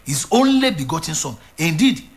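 A man preaching a sermon, emphatic and repetitive, swinging from loud declarations to hushed lines. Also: a little high, big pitch swings, normal speed.

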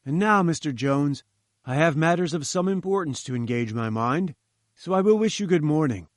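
A man's voice: on the high side, animated, normal speed, dry recording, studio quality, close to an everyday voice. A man voicing a domineering, haughty older male scientist who barks orders. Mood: imperious. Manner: haughty and commanding.

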